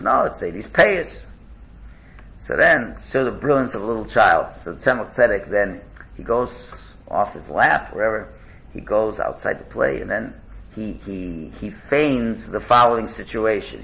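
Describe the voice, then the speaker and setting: A man's voice: on the low side, creaky, a little hiss or hum. Man teaching a text, dull lo-fi sound. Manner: restarts and repeats words, glosses Hebrew terms in English. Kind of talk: text-study lesson with stories.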